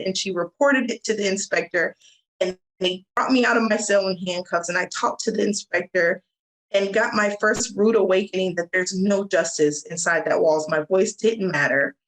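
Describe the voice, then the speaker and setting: Interviewed on a podcast, a US woman who works as an advocate shares her personal story with earnest candor. She speaks in a mid-range, slightly bright voice, captured on poor audio.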